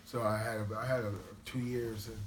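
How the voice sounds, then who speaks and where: Low-voiced dad answering questions plain and short, roomy echo, bit of hiss. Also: male voice, little pitch movement, brisk. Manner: plainspoken, brief answers, says "you know" often. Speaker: interviewee, father. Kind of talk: casual interview.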